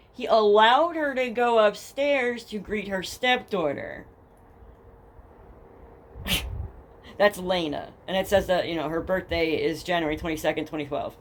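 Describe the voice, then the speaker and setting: Profane, sarcastic Jersey woman telling true crime. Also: medium pitch. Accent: New Jersey. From New Jersey. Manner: blunt, profane and sarcastic, reads case documents then mocks them. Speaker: true crime podcast host. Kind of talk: casual true crime storytelling. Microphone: headphones with a home mic.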